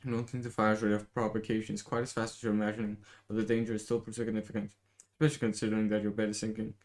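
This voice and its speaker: A man voicing a calm, dry, cryptic teenage girl in a soft, measured tone, reading a comic aloud. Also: on the low side, natural voice.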